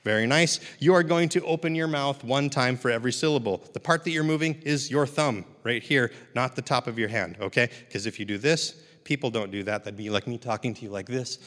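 A man with a middle-pitched voice runs a puppetry class in front of a seated group, upbeat and joking. His voice carries a long reverb from the large hall. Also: a little fast, few pauses, fairly bright tone. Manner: upbeat, encouraging, joking with the audience. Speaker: puppetry instructor. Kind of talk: live workshop teaching to a seated audience.

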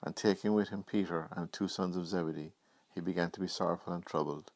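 A man preaching a Good Friday sermon, reading scripture in an earnest, measured way. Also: sits low, steady tone, no echo.

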